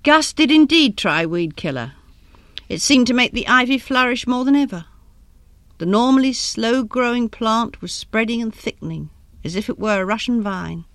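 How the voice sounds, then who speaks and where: A woman narrating a written story in a measured, even way. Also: a little high, no echo. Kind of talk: scripted story reading.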